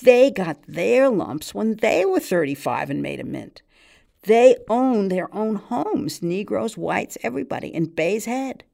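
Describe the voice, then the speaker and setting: A man's voice: very animated, unhurried, creaky, darkish tone, heavily acted. A woman doing a jovial, teasing older man. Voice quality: high, hilarious note. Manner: mock-grand, teasing. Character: weighty older Black man, jovial and sly.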